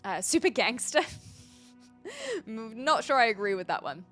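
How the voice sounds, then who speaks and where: A woman's voice: on the high side, huge pitch swings, measured pace, a bit bright, soft background music. An American woman streaming a game, chatting casually, laughing often and answering chat. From United States. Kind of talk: casual live game commentary.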